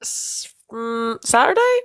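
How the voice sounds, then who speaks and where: A woman's voice: a little high, big pitch swings, takes it slowly, a bit bright. A woman co-hosting a casual women's football podcast, chatting with plenty of fillers and restarts. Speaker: podcast co-host.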